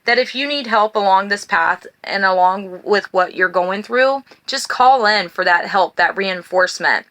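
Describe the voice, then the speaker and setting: A middle-aged woman reading oracle cards for viewers, moving between slow, solemn blessings and heartfelt, personal talk. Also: mid-range voice. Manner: reads blessings slowly, then talks warmly and emotionally to viewers. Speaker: tarot and oracle card reader. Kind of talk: spiritual card reading to viewers.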